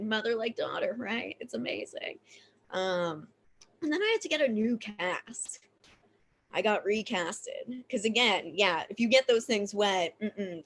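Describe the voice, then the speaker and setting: A woman's voice: medium pitch, fairly bright tone. A woman telling a frank, comic personal story on stage, casual and profane, full of fillers. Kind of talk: live comedic storytelling.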